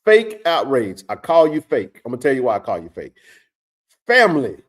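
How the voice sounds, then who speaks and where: Fiery, animated livestream sports host. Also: male voice, mid-range voice, moderate pace. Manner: fiery, preachy, colloquial, repeats himself for emphasis. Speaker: host of a college football show.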